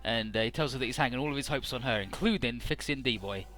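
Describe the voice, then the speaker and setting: A man's voice: medium pitch, fast, fairly bright tone, soft background music. Chatty man recapping a game story. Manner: chatty, fills with "uh" and "he's like". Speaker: let's play narrator.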